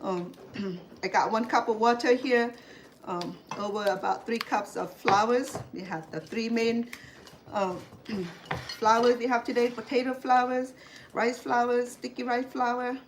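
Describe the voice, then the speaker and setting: This Cambodian woman's voice is a little high, steady and slow as she hosts an easygoing home cooking demo, wandering into asides with many fillers and restarts. The kitchen clatter of pots, pans and dishes comes through clearly, with slight background noise.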